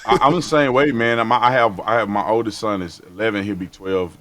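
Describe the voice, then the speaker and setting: A man talking as a guest in a casual chat, telling family stories with laughter and shouted imitations. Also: on the low side, fairly even intonation, fairly quick. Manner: laughing storyteller, shouts out relatives' calls.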